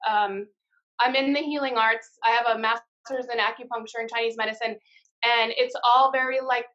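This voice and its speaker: A woman in her thirties who founded a card-deck company tells her story candidly as a guest on a casual live-stream interview, swearing often. Her voice is a little high and fairly bright, with fairly even intonation at normal speed, over dull lo-fi live-stream audio.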